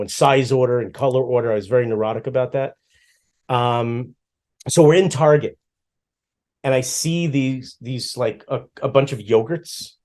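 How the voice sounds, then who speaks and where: A middle-aged man talks on a podcast in a mid-range voice. He tells his stories with animation and acts out his own lines. The feel is relaxed, casual chat. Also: medium pitch. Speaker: podcast co-host.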